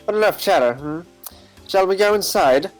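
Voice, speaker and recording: Man putting on a stuffy old gentleman detective. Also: high voice, lively intonation, soft background music, pitched above the performer's own voice, rough recording. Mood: genteel. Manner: formal, stuffy, drawn-out phrasing.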